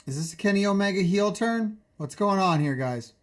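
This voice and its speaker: A man streaming, ranting about a wrestling show in a profane, excitable way, full of incredulous questions. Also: high-pitched, moderate pace.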